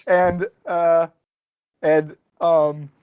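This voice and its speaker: A man acting as game master, narrating a tabletop game in a halting way with fillers and chuckles. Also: a little high, little pitch movement, smooth, no room sound, lo-fi sound.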